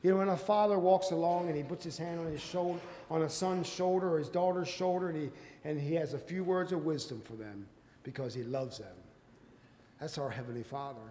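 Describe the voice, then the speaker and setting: A man preaching a sermon, quoting scripture in old-fashioned wording and building to loud, emphatic peaks. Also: fairly high pitch, fairly quick. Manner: quotes scripture in King James wording. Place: church sanctuary. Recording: long hall reverb.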